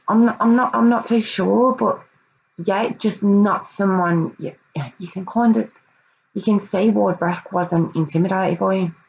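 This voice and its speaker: Gravelly woman recounting a case. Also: low-pitched, dull audio, slight background noise. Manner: hesitant, restarts and repeats words, earnest. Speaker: true crime vlogger. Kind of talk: casual true crime review.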